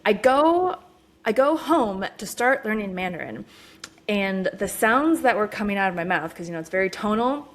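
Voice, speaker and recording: A woman with an American accent hosting a podcast, chatty and casual, with quick asides and plenty of filler words. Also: mid-range voice, animated. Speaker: podcast host.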